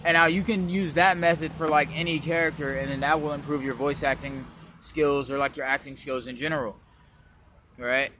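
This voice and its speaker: Man from West Oakland, rambling profane vlog monologue outdoors, slightly high voice. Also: steady tone, normal speed, bright, forceful tone, a little hiss or hum. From West Oakland, California. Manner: loose, profane street slang, meandering. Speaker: vlogger.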